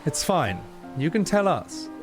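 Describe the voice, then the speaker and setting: A man voicing a stern, businesslike female doctor in his own lowish voice during a video game playthrough, firm and matter-of-fact. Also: big pitch swings, a little slow. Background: game music.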